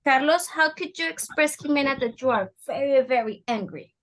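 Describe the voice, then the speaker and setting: English teacher lady on a video call, high voice, coaxing, animated. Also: normal speed. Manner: animated, coaxing, repeats words for students. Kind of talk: online class, mixing English and Spanish.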